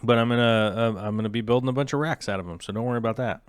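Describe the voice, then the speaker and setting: A man's voice: mid-range voice, very fast, smooth, no echo. Rambling casual man on a dry close mic. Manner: rambling, many fillers and restarts. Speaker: aquarium livestream host. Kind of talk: casual livestream chat.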